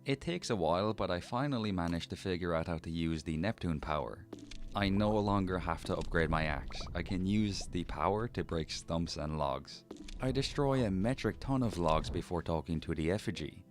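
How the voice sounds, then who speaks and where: A man's voice: low voice, normal speed, faint music behind. A man with a lisp narrating his gameplay in a scripted voice-over, with dry, mock-dramatic humor.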